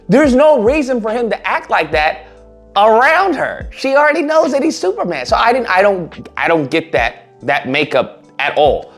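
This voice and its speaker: A man talking through casual online commentary with a lively, swooping pitch. He is animated and often slips into a high, mocking put-on voice. Faint music plays under him.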